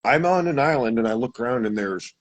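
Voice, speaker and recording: A man's voice: mid-range voice, expressive, a little fast, rough recording. A man from Montana casually telling a long personal story, rambling, with many asides and self-corrections. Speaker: guest telling an encounter story.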